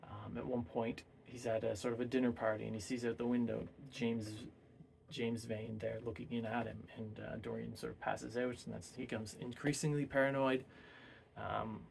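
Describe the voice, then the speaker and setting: Male book reviewer for a casual, rambling plot retelling. Mid-pitched voice with a gravelly fry. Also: little pitch movement, normal speed, darkish tone, slight background noise. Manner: rambling, hesitant, many fillers.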